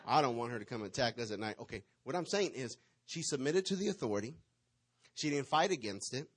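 A man, preaching to his congregation and telling a lively personal story, swinging between loud bursts and hushed asides. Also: mid-range voice, brisk, husky. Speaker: pastor.

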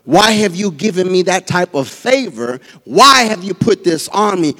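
A male preacher giving a fervent sermon, swinging from quiet asides to shouted peaks. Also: sits high, very animated, a little slow, long reverb tail.

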